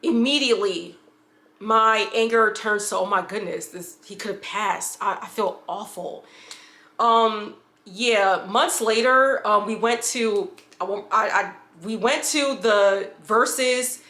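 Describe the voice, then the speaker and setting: Bright-voiced woman rambling through a storytime. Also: medium pitch, slow, roomy sound. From upstate New York. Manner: rambling with restarts and asides. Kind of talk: casual storytime.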